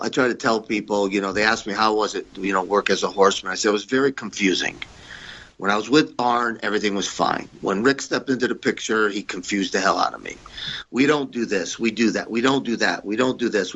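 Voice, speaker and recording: A man's voice: lowish voice, pushed and bright, breathy edge, lo-fi sound. A man telling blunt, profane stories as a podcast guest, acting out the people he quotes in a raised voice. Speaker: podcast guest, former wrestler. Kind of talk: casual interview storytelling.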